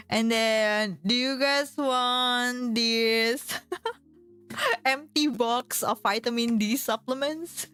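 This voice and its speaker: A woman's voice: a little high, drawn-out words, fairly bright tone, smooth, soft background music. A woman streamer in casual chat, giggling often and filling her talk with fillers.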